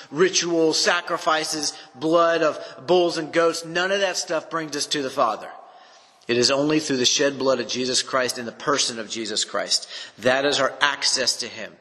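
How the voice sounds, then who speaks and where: A man's voice: on the high side, bright, forceful tone, long reverb tail. A man giving an earnest, unscripted Bible teaching on a podcast, repeating words for emphasis.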